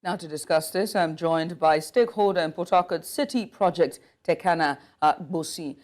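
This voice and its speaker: A woman's voice: lowish voice, normal speed, darkish tone. A woman anchoring a news bulletin, reading stories and then interviewing a guest, with occasional slips and restarts. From Nigeria. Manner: reads with small slips and restarts.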